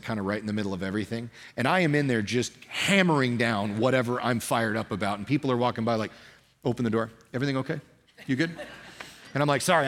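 A pastor giving a sermon in an energetic, conversational way, often restarting his sentences. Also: mid-range voice, long reverb tail.

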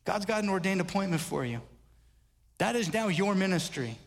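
A man preaching a sermon in a church, animated and emphatic, often asking the congregation rhetorical questions. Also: sits high, normal speed. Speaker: pastor. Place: church sanctuary. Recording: reverberant church hall.

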